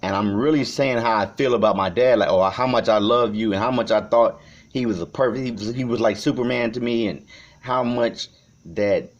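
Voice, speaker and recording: A man from Chicago talking to the camera in an unscripted vlog. He rambles and swears, swinging between shouting and quiet reflection. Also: medium pitch, normal speed. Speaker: vlogger. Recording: dull lo-fi recording.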